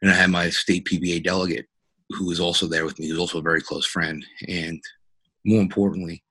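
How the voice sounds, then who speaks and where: Man, police officer, podcast guest, deep voice, bright forceful edge, halting earnest storytelling. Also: level tone, breathy edge. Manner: halting and earnest, many fillers and restarts. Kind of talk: personal story in a podcast interview.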